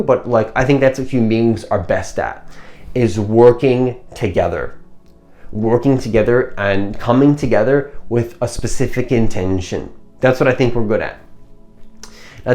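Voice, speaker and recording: A man speaks in a mid-pitched voice, coaching viewers through a self-help monologue. He is earnest and loose, circling back, restarting sentences and repeating his points as he goes. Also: darkish tone. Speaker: manifestation coach.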